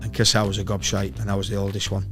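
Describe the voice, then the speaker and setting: A middle-aged man from England, a former footballer and podcast guest, telling sweary, animated anecdotes in casual chat. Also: lowish voice, racing, faint music behind. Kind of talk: casual storytelling.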